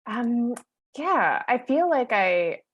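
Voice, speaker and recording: A woman's voice: fairly high pitch, sing-song, slow, muffled recording. A woman on a panel, speaking hesitantly with fillers. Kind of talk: casual panel talk.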